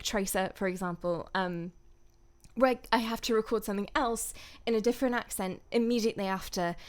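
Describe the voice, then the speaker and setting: A young woman talking to her stream audience in an easy, rambling way. Her voice is smooth and clean, with plenty of ums and quick laughs. Casual, unscripted chat. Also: mid-range voice, a bit bright. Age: young adult. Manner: chatty, laughs often, many fillers. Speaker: voice actor streaming.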